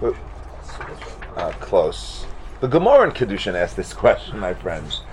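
Animated man teaching a Talmud class. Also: deep voice, slow, a little hiss or hum. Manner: animated, questioning, mixes Hebrew and Aramaic terms.

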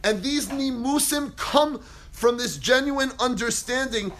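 A man teaching a Torah class as a rabbi, acting out quotes dramatically with big swings in pitch and volume. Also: measured pace, a bit bright, a little hiss or hum. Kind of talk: animated Torah lecture.

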